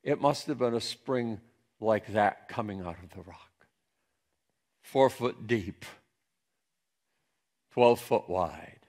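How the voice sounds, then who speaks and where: A male pastor from central Pennsylvania preaching a sermon, with emphatic swings between soft and loud passages. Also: on the low side, slow pace, pauses often.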